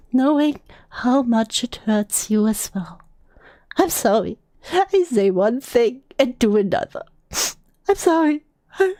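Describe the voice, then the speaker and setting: A woman's voice: high-pitched, warm tone, no room sound. Woman doing a whiny, clingy young man. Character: clingy apologetic young man in text messages.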